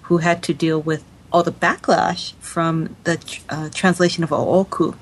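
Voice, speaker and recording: A woman on a podcast panel, talking quickly and animatedly with frequent restarts in casual discussion. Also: sits low, flat delivery, slightly rough, rough recording.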